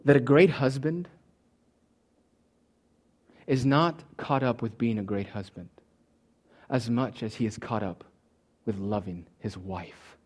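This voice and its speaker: A man preaching a sermon as pastor, rising to loud emphatic peaks and dropping to soft low asides, sometimes acting out the listener's imagined thoughts. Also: slow, long pauses, breathy edge. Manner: acts out the listener's imagined thoughts in quoted voices.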